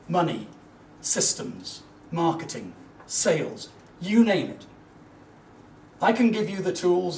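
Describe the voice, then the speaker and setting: A man's voice: fairly high pitch, slight background noise. A middle-aged man giving a motivational business talk, telling stories in an emphatic, earnest way. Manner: anecdotal storytelling, emphatic and earnest. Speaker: business speaker. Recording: echoey room, voice from a distance, faint ambience.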